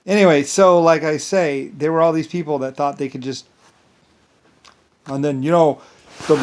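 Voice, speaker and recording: A man talking in a rambling monologue, halting and restarting often, full of filler words, dropping to mumbles and then jumping into loud bursts. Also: on the high side, steady tone. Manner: swings between mumbling and sudden loud bursts. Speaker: self-styled storyteller.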